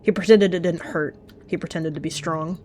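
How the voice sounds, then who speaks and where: A channel host narrates a game roleplay with dramatic, vivid storytelling. Her voice is lowish and a little mellow, with fairly even intonation and a moderate pace, and there's a slight hiss or hum.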